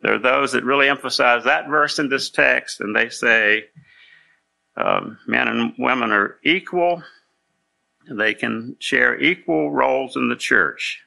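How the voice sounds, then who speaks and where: Very gravelly, sharp-edged male preacher. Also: medium pitch, unhurried. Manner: patient, explanatory, checks the listeners follow. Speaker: pastor. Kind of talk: conversational sermon.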